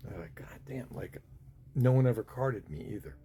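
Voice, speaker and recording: A man's voice: on the low side, animated, fairly quick, warm tone, slight background noise. A man in his fifties telling a personal story in a casual, rambling way, full of fillers and restarts. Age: 50s. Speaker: vlogger.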